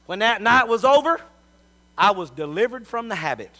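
A man's voice: high-pitched, expressive, normal speed, pushed and bright. A middle-aged man, preaching a sermon as a pastor and telling folksy stories.

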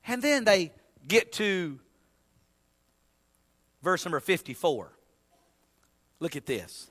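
A male preacher delivering a dramatic sermon, shouting one moment and dropping low the next, with frequent repeated words. His voice sits high and bright for a man. Long reverb from a large hall follows every phrase. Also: big pitch swings, slow pace. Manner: dramatic, swings from shouting to hushed.

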